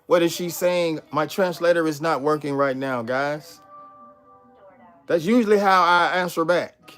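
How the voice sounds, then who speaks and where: With faint-to-soft background music, a man with a fairly high, fairly bright voice hosts a casual livestream in no hurry. He's relaxed and chatty, reading out viewers' chat messages and responding to them.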